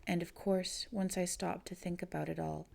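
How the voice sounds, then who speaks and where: A woman reading a short story aloud in the first person, calm and measured. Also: lowish voice, creaky. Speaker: audiobook reader.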